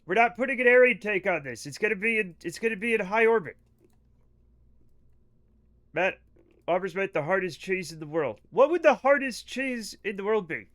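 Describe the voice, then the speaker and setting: This man's voice is high and lively, with a slightly bright tone, a moderate pace, and frequent pauses. He's a gamer on a livestream, chatting loosely with viewers while he plays, rambling, swearing, and joking around.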